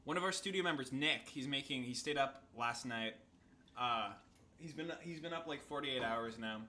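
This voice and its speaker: A man's voice: mid-range voice, moderate pace, sharp tone, a little hiss or hum. A Canadian man with a Canadian accent in casual chat, rambling and thinking aloud with many fillers.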